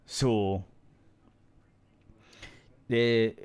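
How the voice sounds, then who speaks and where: A man with a fairly low voice chats casually on a podcast. He rambles through a gaming story, often restarting his sentences and dropping casual swear words. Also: fairly even intonation, extremely slow, a little mellow, smooth. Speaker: podcast co-host. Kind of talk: casual chat.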